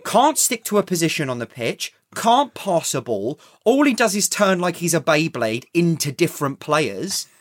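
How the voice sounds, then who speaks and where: A man co-hosting a football podcast in casual chat. His fairly high voice swings widely as he mocks and jokes. There is a slight echo on his side of the call. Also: moderate pace, few pauses. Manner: lively, mocking, laughing asides. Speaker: podcast co-host.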